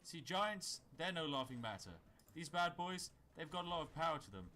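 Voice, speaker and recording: A man's voice: a little high, lively intonation, normal speed, sharp tone, a little hiss or hum. Wry British man narrating gameplay. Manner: dry, wry humor with mock-grand asides. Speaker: gaming YouTuber.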